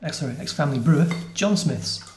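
A man's voice: a little high, expressive, fast talker, a little hiss or hum. A man hosting a podcast, chatting casually over a beer tasting and explaining facts as he goes, correcting himself now and then. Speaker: podcast host. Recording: roomy echoey room.

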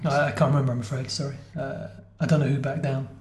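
A man's voice: medium pitch, flat delivery, quick pace, a little mellow. A man hosting a podcast, chatting casually over a beer tasting and explaining facts as he goes, correcting himself now and then. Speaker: podcast host. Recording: roomy echoey room.

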